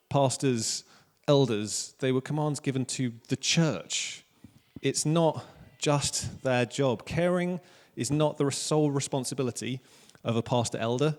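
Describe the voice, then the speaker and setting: Joking Welsh pastor in a reverberant church. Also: male voice, mid-range voice, a little mellow. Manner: casual, joking, self-deprecating preaching. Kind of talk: sermon. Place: church hall. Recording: long church hall reverb.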